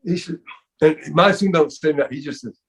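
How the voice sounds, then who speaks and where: A man's voice: on the high side, fairly quick, a bit bright. Rambling older man with a raised voice. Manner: rambling, with many restarts, repeats "man" and "you know". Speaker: interview guest. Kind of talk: storytelling in a casual interview.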